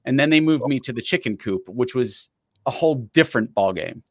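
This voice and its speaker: A man's voice: mid-range voice, expressive. A chatty male podcast host, swapping stories with an easy laugh. His voice sits mid-range with a dry, close sound and no room echo. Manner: chatty, anecdotal, quick to laugh. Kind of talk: casual interview chat.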